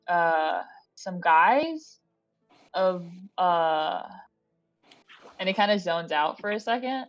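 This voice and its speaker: Slow-talking woman playing a tabletop game. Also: lowish voice, expressive, muffled recording, faint music behind. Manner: rambling, giggly, stammering. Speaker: player.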